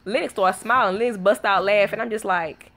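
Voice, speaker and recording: A woman's voice: mid-range voice, brisk, a bit bright. A young woman, telling family stories casually to her viewers, laughing often and acting out her kids' lines. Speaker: family vlogger.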